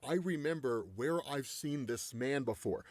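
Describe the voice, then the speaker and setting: A man voicing a stern, brooding masked vigilante in a flat, clipped delivery, as part of a story recap. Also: medium pitch, measured pace, no room sound.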